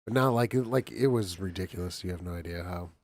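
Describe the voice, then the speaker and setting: A man's voice: low voice, quick pace, darkish tone. A man in his forties chatting casually and profanely with friends on a podcast, rambling and laughing a lot. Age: 40s. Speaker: podcast host. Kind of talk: casual banter among friends. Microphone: desk mic on a live-streamed podcast.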